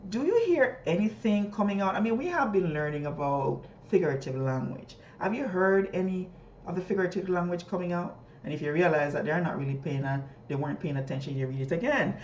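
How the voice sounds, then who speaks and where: A woman teacher explaining a reading lesson, often jumping high in pitch as she models questions to students. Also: animated, fairly quick, darkish tone, lo-fi sound, slight background noise. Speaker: teacher trainer. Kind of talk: instructional talk modeling a classroom lesson. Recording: echoey room.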